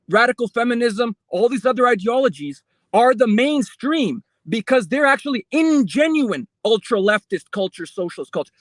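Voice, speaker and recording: A man's voice: extremely high pitch, a bit bright, no echo. A man calling into a livestream, lecturing about politics and insisting on finishing his point over the host. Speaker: caller. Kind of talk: political rant.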